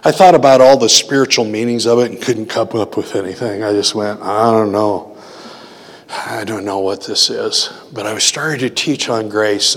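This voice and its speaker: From the pulpit, a male preacher tells a testimony in a relaxed, conversational, middle-pitched voice. When quoting, he slows down and stresses key words, and a long reverb from the large hall trails each phrase.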